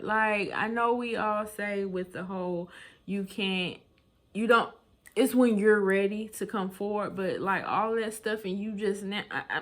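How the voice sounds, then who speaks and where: A woman's voice: mid-range voice, unhurried, a bit bright. A woman vlogger hosts a celebrity gossip segment and talks right to her viewers. She is sassy and chatty, laughing and exclaiming between remarks. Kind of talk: casual celebrity gossip commentary.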